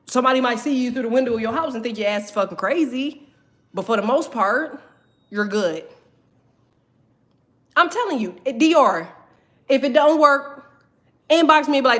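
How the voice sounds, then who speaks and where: A woman's voice: high voice, lively intonation, a little fast, fairly bright tone. A young woman, teaching a tarot class and talking bluntly with constant cursing. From Southern United States. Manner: blunt, heavy cursing, emphatic. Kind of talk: profane motivational talk to viewers.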